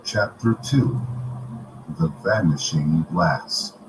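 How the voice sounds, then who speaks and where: A man reading a storybook aloud on a live stream, in a steady, expressive manner. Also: a bass voice, drawn-out words. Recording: noisy home recording.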